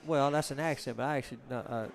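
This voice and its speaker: A man's voice: medium pitch, steady tone, racing. A man with a Southern US accent from Georgia, chatting in a rambling, joking way as a commentator on a live pool stream. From Georgia, USA. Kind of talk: casual live-stream chat.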